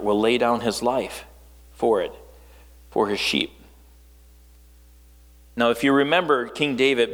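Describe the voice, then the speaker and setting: A man from northern Wisconsin preaching a sermon in a conversational, storytelling way, dropping low and quiet for emphasis. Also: long reverb tail.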